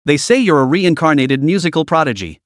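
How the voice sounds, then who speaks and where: A man's voice: fairly high pitch, animated, brisk, no room sound, clean studio sound, lightly acted. A man voicing a playful, teasing godmother in an audio story, with a giggly, theatrical way of talking.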